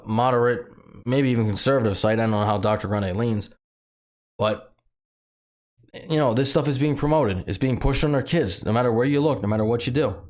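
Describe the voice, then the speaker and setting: A man with a slight lisp hosting his own channel, giving heated, repetitive commentary full of fillers and restarts. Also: medium pitch. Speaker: channel host commenting on news. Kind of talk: casual ranting commentary.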